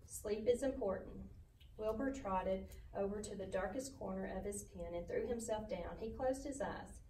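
A woman's voice: medium pitch, normal speed, mellow, echoey room, distant mic, a little hiss or hum, low-quality recording. Woman reading a children's story aloud. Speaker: school principal reading aloud.

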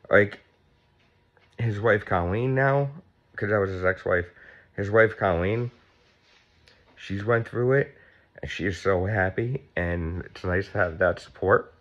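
A man in his fifties talks straight to the camera at home in a fairly low voice, sounding sore and tight as he speaks. He rambles in a chatty, blunt way and swears without holding back. The sound is dull and a little lo-fi. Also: fairly bright tone. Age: 50s. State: sore and tight after surgery. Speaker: vlogger. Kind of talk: casual vlog talk.

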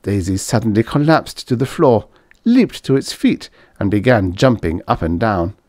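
A male audiobook narrator reading fiction with a lively, animated delivery. His voice sits on the low side, and the recording is dry and close. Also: moderate pace, no echo. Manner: expressive, lively storytelling. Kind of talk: scripted narration.

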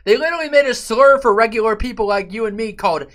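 A man streaming a game and chatting loosely with his viewers, profane and given to sudden loud outbursts. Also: high-pitched, lively intonation, fast, hardly any pauses. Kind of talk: casual live-stream chat.

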